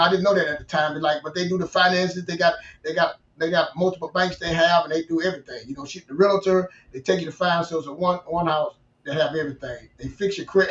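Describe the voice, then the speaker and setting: A man telling a long personal story in a casual interview, animated, restarting and repeating himself. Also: high voice. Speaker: guest. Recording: roomy, distant, dull-sounding mic.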